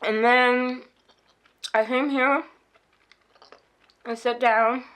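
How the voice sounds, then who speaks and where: A woman vlogging at home, shaken and upset, telling a story in a rushed, animated way and acting out the people in it. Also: fairly high pitch. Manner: animated, rushed retelling with quoted voices. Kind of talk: casual storytelling vlog. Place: at home indoors.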